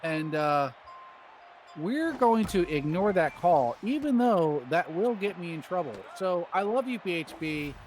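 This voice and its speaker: A man's voice: high voice, very animated, measured pace, a little mellow, faint music behind. A man doing rambling, jokey play-by-play commentary on a baseball video game stream.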